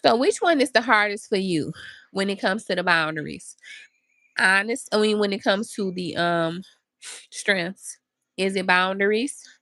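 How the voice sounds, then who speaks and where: A woman hosting a motivational podcast speaks earnestly and directly to her listeners in an unhurried, medium-pitched voice. Her tone is fairly bright with a slightly gravelly texture, and the sound is close and dry with no room sound.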